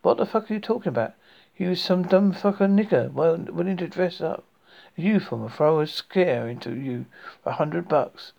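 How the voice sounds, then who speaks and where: A man's voice: on the high side, expressive, normal speed, vocal fry, dull audio. Mick, a sneering husband, read by a man. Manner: sneering, crude. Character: cruel scheming husband, coarse and mocking.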